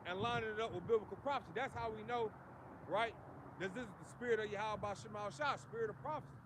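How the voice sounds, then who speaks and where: A man's voice: sits high, fast. A man street preaching outdoors in an emphatic, preachy way, tagging his lines with "man" and "you see". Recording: outdoor street noise behind.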